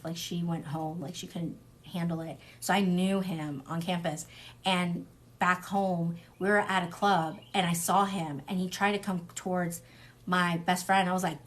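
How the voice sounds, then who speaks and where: A young woman reading tarot cards in a casual livestream. She talks bluntly, swears freely, drifts into tangents and fills her speech with "like" and "um.". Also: fairly low pitch. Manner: chatty, wanders off on tangents. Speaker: tarot reader.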